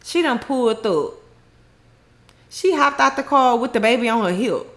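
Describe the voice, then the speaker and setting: A woman's voice: on the high side, animated, normal speed, a bit bright. A woman casually recapping a TV episode, retelling scenes in her own words with slang and frequent laughter. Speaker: recap host.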